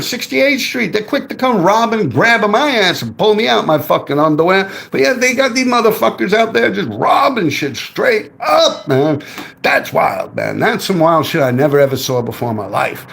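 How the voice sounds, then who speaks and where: A man spins loose stories on a live stream. His voice rides high and swings widely, and a gravelly edge runs through it. His talk is salty street slang, and "man" closes line after line. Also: normal speed. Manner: animated, profane, street slang, keeps adding "man". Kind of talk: casual live-stream storytelling.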